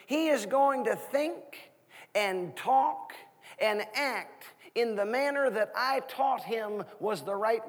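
A man in his thirties preaching a sermon as guest minister, asking the congregation questions in an animated way. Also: high-pitched, slightly rough, in a large hall. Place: church sanctuary.

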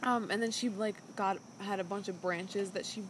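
A woman's voice: mid-range voice, steady tone, moderate pace, noisy background. A woman co-hosting a podcast in casual chat, recapping a show as a chatty storyteller full of "like" fillers. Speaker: podcast co-host.

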